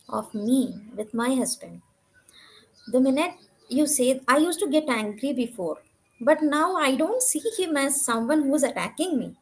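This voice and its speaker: A woman's voice: sits high, low-quality recording. A woman giving an earnest, candid testimonial about her own growth. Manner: earnest, candid, self-reflective. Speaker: program participant giving a testimonial. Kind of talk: conversational testimonial.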